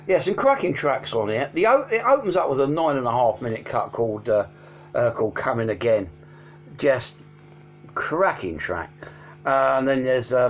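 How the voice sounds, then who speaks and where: A man chats through a casual record review, his pitch bouncing up and down as he rambles with plenty of ums and restarts. The sound is dull and lo-fi, with a faint hum running underneath. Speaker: album reviewer. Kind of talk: casual unscripted album review.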